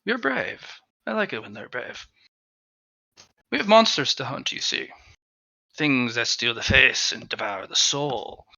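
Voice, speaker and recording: A sinister sentient mask, as a man puts on for a tabletop game, speaks slow and drawn-out with a bright, gravelly edge. Its menacing voice swoops up and down, and the recording is dull and lo-fi. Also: medium pitch, sing-song, no room sound, full character voice. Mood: amused menace. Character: sly sinister sentient mask hungry for monsters.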